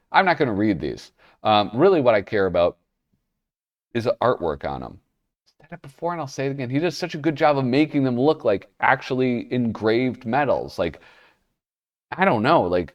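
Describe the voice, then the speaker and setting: A man's voice: medium pitch, sing-song, normal speed, distant mic, dull audio. A man casually commenting while flipping through an old comic magazine, rambling and cutting himself off mid-thought. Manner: rambling, self-interrupting, chuckling asides. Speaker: comic magazine reviewer, show host.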